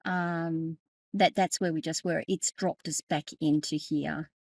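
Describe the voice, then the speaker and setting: A woman's voice: sits low, steady tone, unhurried, darkish tone, no room sound. A middle-aged woman, walking viewers through a settings tutorial in a chatty way, correcting herself and often laughing. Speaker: tech educator and podcast host. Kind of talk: screen-share tutorial.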